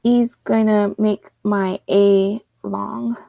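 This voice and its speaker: A teacher joins a reading workshop over a video call and checks the task before she tries it. Her voice is gravelly with fry, and the call audio comes through dull and lo-fi with a dry, close sound. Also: mid-range voice, level tone, very slow, no echo. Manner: tentative, checks instructions.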